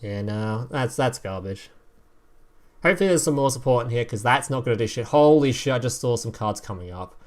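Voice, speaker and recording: A man chatting on a live stream while reviewing game cards. His pitch swings up and down all the time, and he reads card text between casual, profane asides. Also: brisk. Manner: animated, swearing, laughing, reading card text aloud.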